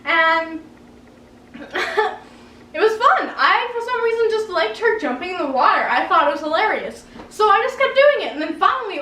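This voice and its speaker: A young woman telling a childhood story at home in an animated, dramatic way, often breaking into laughter. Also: extremely high pitch, unhurried, long pauses, recorded from a distance, a little hiss or hum. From Canada. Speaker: vlogger. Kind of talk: story-time vlog. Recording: roomy room, a bit off mic.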